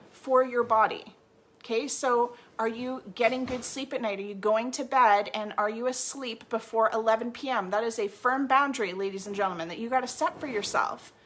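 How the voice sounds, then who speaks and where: A woman's voice: a little high, normal speed, a bit bright, a little hiss or hum. A young woman coaching a support group on gut health, talking emphatically and acting out quoted complaints. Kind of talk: motivational talk to a support group.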